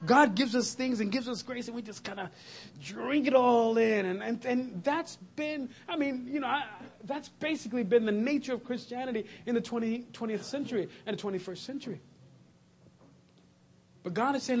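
A man preaching a sermon to his congregation, animated, laughing and shouting at times. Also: very high voice, normal speed. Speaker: pastor. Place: church sanctuary.

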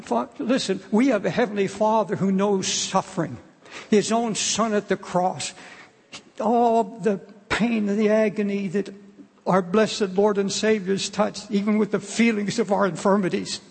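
Older man preaching with a high, husky voice. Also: steady tone, measured pace, a little mellow. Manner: earnest, pleading, repeats and restarts phrases. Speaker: pastor. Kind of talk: sermon. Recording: long hall reverb.

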